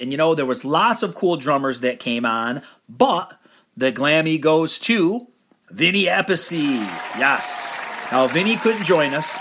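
An American man hosts a podcast award show, playful and upbeat as he announces the winners. His husky voice sits fairly high and leaps around a great deal. A faint crowd murmurs behind him. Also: a bit bright. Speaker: podcast host.

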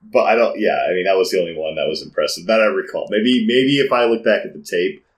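A man co-hosting a podcast in casual chat, animated and defensive, laughing often. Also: deep voice, quick pace, roomy sound, rough recording. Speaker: podcast co-host. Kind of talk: casual wrestling recap chat.

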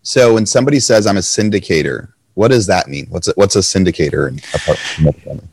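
Fast-talking, slightly hoarse male host. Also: low-pitched, animated, a little mellow, a little hiss or hum. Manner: fast, enthusiastic questioning. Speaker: podcast host. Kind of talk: conversational interview.

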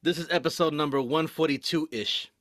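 A man's voice: on the high side, moderate pace, fairly bright tone. A man hosting a podcast, casual profane banter and frequent joking. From Michigan. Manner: profane, joking, laughs often. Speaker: podcast host.

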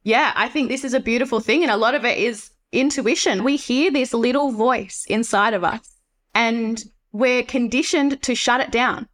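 Woman podcast guest, a bit high-pitched, earnest and reflective. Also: moderate pace, a bit bright. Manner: earnest and reflective, quotes her inner voice. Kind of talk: casual interview chat.

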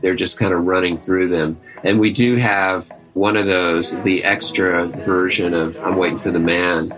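Male presenter, lowish voice, easygoing commentary between archive song clips, soft guitar underneath. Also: fairly even intonation, a little slow, rough recording.

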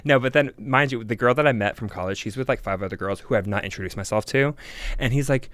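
Animated young man telling a story fast. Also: medium pitch, no echo. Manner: animated, acts out quoted voices, laughs often. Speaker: podcast co-host telling a story. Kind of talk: casual storytelling chat.

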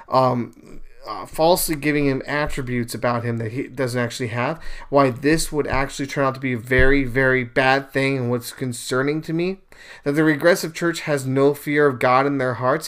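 A young man hosting a podcast, retelling a story in a casual, animated monologue, with sudden louder bursts. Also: medium pitch, smooth. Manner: animated storyteller, paraphrases scenes in bursts of raised voice. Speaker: podcast host. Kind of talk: casual religious commentary monologue.

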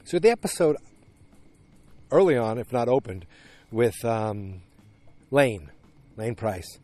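A man's voice: mid-range voice, sing-song, takes it slowly, dark tone. A man casually recapping a TV episode, rambling with lots of fillers and restarts. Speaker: show recapper. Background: dogs barking.

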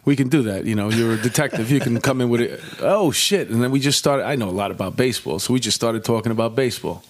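A man's voice: mid-range voice, very fast, a little mellow. A man, a former detective, chatting casually and jumping in with questions. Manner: conversational, interjects questions. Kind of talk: casual chat.

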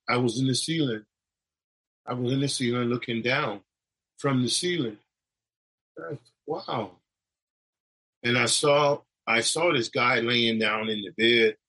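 A man's voice: medium pitch, a bit bright, slightly rough, rough recording. A man telling a personal story in a rambling, conversational way, acting out the voices of the people in it. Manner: rambling, with restarts and acted-out quotes. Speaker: storyteller recounting near-death experience. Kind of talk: casual spoken testimony.

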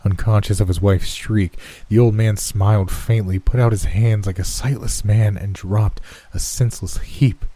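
A man reads a horror story aloud in a slow, somber storytelling manner. His voice is very deep, with a dark, mellow tone and a husky edge. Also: steady tone, dry recording. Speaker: narrator. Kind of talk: scripted horror story reading.

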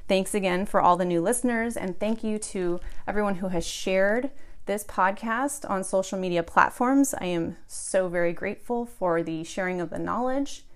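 A woman's voice: mid-range voice, clear, resonant tone. A woman physical therapist hosting a podcast from home, explaining in a casual, enthusiastic way and sounding slightly out of breath. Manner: explanatory, enthusiastic, self-deprecating. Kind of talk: casual educational podcast monologue.

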